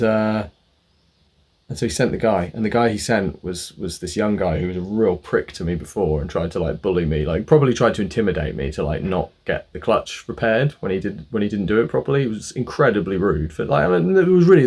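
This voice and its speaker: Husky-voiced man telling a story, swearing. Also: on the low side, fairly quick. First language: not the local language of where he lives. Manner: animated, profane, acts out both sides of arguments. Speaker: vlogger. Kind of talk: casual storytelling monologue.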